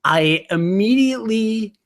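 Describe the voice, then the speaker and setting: A man's voice: sits high, expressive, measured pace. A man co-hosting a podcast, chatting casually in a rambling, self-mocking way with lots of fillers. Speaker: podcast co-host. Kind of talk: casual chat.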